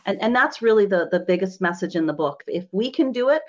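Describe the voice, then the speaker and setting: A woman real estate investor talks as an interview guest in a casual, animated way. She leans on fillers like "you know" and tag questions. The recording sounds slightly dull and lo-fi. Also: mid-range voice, fairly quick, hardly any pauses. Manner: animated, laughs often, many "you know"s and "right?"s.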